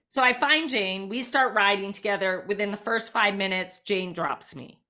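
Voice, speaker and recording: Bright-voiced woman telling a story. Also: medium pitch, moderate pace. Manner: frequent "like" fillers, lively retelling. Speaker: podcast guest. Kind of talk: animated personal storytelling.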